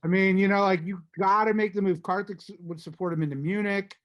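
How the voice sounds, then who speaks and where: A man's voice: high-pitched, fairly even intonation, fast talker, lo-fi sound. A man hosting a podcast, chatting casually and animatedly about a strategy game, rambling and restarting his sentences often. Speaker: podcast host. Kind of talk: casual chat recapping an online strategy game.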